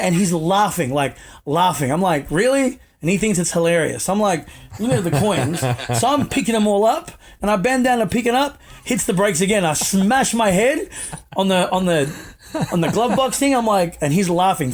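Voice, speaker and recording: A man's voice: high-pitched, lively intonation, brisk. A young Australian man in his twenties, a podcast guest telling casual, self-mocking anecdotes with the odd swear word. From Melbourne, Australia.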